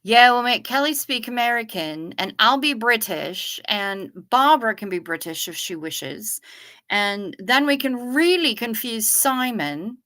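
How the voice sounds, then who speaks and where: Bright-voiced lady chatting on her livestream, reading comments and answering them. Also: a little high, animated, unhurried. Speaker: livestream host. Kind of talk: casual chat reading viewer comments.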